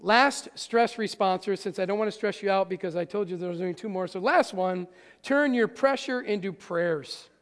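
A man preaching a sermon as pastor, animated and often asking the audience questions. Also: sits high, a little fast, hardly any pauses, clear, resonant tone. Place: church sanctuary. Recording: church hall with long reverb.

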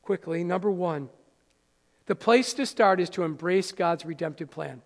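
A man's voice: high voice, moderate pace. A man preaching a sermon to his congregation, earnest and conversational, with playful asides. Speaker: pastor. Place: church sanctuary. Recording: live hall reverb.

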